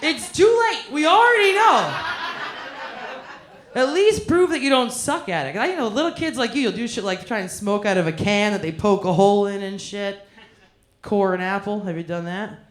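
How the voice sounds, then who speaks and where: This woman's mid-range voice is expressive and moves at a moderate pace. She's a stand-up comedian doing crowd work live at a comedy club, teasing the front row with crude banter, and the room echoes around her.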